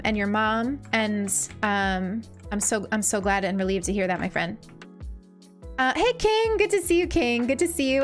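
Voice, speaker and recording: A young woman streaming a cozy game, chatting gently and warmly greeting viewers, often saying things twice. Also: a little high. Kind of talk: cozy casual chat while gaming. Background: faint game music.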